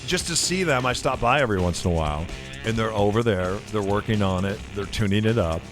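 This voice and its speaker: Speaking briskly over music, this radio co-host and realtor tells a heartfelt, slightly emotional story on a casual talk show. His voice sits on the low side with lively intonation.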